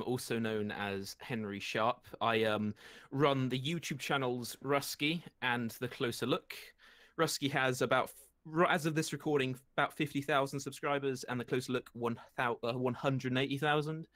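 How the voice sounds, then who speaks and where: A man's voice: medium pitch, moderate pace, fairly bright tone, no echo. A British man giving a casual interview, hesitant with many ums and self-deprecating asides. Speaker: interview guest, YouTuber. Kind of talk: casual chat.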